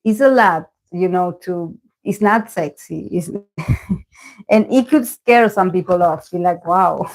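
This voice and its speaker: A woman's voice: on the low side, slow pace, a little mellow, poor audio. A woman who is a native Spanish speaker, reading tarot on a live stream in casual, rambling talk full of fillers and restarts. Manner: rambling, many fillers and self-corrections. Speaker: tarot reader.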